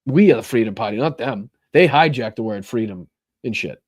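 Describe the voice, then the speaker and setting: A man's voice: mid-range voice, animated, fairly quick, a little mellow, no room sound. Brief: American male streamer, casual and profane, loose rambling delivery, dry close-mic sound. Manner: rambling, profane, with many fillers and restarts. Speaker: livestream host. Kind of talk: casual livestream chat reading viewer donations.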